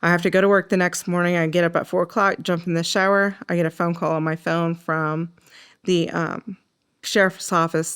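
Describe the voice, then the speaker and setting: A middle-aged woman with an Oklahoma accent, telling her story in a documentary interview in an emotional, halting way with frequent fillers. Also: lowish voice, flat delivery, clear, resonant tone. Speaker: mother of the deceased.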